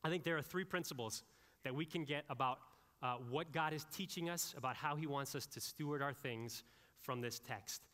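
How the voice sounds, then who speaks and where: A male pastor preaching a sermon, with animated, conversational delivery and frequent asides to the congregation. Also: fairly high pitch, normal speed, long reverb tail.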